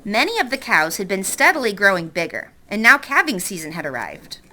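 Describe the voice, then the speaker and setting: A woman teacher reads a novel aloud to her class in an expressive way, stopping to ask the students questions. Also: mid-range voice, a little fast, a little hiss or hum. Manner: expressive, stops to quiz the class.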